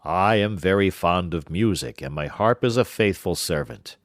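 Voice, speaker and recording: A huge storybook giant with a slow, booming roar, as a male narrator puts him on. Every word lands loud and heavy, with a deep, dry edge. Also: dry recording. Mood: commanding. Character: huge roaring man-eating male giant.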